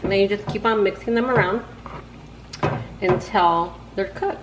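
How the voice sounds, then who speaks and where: A woman's voice: mid-range voice, normal speed. A woman hosting a casual cooking vlog from her home kitchen, chatty and slangy, talking straight to her viewers. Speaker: home cook host. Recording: echoey room with background noise.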